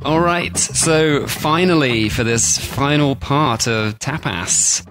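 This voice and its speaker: A man co-hosting a podcast in casual chat. His voice sits at a middling pitch, and he rambles along with fillers and jokes. He sounds easygoing. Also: expressive, slow, over music. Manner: rambling, joking, lots of "like". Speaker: podcast co-host.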